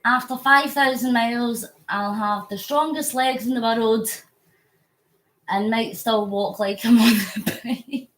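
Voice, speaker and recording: In an unhurried, fairly high voice with a roomy sound, a Scottish vlogger chats with viewers during a phone live stream of her charity cycle. She's indoors at home on an exercise bike, reading out comments as she gets sweaty.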